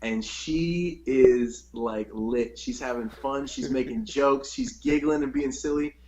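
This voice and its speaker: A man's voice: medium pitch, slow, highs cut off, noisy background. A young man hosting a podcast, telling a long story in a rambling, profane, casual way. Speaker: podcast host.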